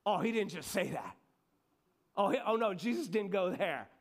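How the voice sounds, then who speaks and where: A man doing scandalized, furious religious leaders, their voices pitched high and pushed loud. They scold and accuse, exasperated and incredulous. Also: expressive, moderate pace. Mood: shocked. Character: indignant male religious leaders, scandalized and angry.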